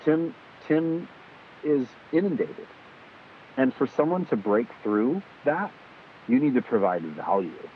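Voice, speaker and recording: A man talks in an animated, casual way and swears freely as he acts out conversations. His voice comes through thin and phone-like. A faint hiss sits underneath it. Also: mid-range voice, takes it slowly.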